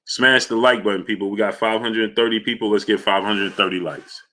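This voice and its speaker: A man from New York runs a casual boxing livestream, greeting viewers by name and answering super chats. His voice sits low yet comes across bright and forceful. He breaks into loud hype bursts between relaxed takes. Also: fairly quick.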